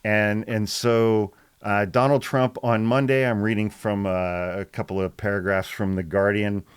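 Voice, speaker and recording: Deadpan, exasperated man with a smooth, low voice. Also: normal speed, no room sound. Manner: sarcastic, exasperated, deadpan rebuttals. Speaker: political commentary podcaster. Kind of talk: casual political commentary reading and rebutting quotes.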